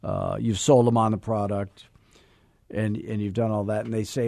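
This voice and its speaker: A man's voice: lowish voice, normal speed, vocal fry, dry recording, clean studio sound. A man coaching real estate agents in a podcast lesson, acting out sales dialogues and drilling lines in emphatic repetition. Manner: animated, acts out sales dialogues.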